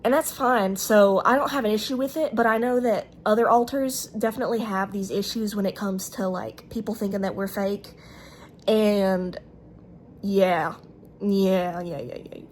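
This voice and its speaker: Halting woman with a Southern drawl. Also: mid-range voice, slight background noise. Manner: hesitant, halting, full of fillers and restarts. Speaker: vlogger speaking to camera. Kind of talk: casual rambling monologue. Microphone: camera recording herself.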